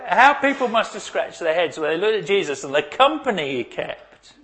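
A man's voice: high voice, very animated, moderate pace, a bit bright. A pastor preaching a sermon and praying, talking conversationally and asking his congregation questions. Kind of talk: sermon with prayer.

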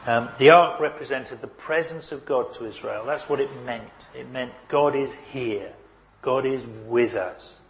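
Male preacher, mid-pitched, emphatic sermon delivery with repeated lines. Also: a little slow. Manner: emphatic, repeats key phrases, varies loudness for stress.

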